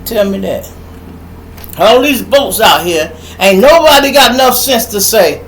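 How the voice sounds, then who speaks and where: A middle-aged man with a Chicago accent hosting a podcast, telling a story in an animated, profane monologue and acting out voices and sound effects. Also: high voice, unhurried, a little hiss or hum, poor audio. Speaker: podcast host.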